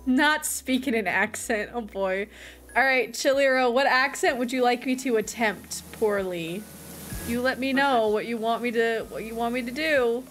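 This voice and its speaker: A woman's voice: on the high side, normal speed, fairly bright tone. A young woman streaming a video game, chatting casually in a giggly, self-deprecating way. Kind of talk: casual gaming stream chat.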